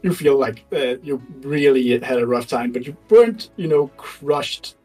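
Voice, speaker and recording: Slow, husky-voiced man running a tabletop game. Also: mid-range voice, soft background music, poor audio. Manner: animated, laughing often, halting with fillers. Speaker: game master.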